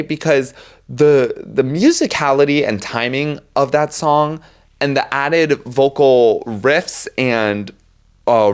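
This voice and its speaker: A young man hosting a solo podcast from a room at home, theatrical and self-mocking, swearing freely. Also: mid-range voice. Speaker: podcast host. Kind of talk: solo podcast chat about poetry.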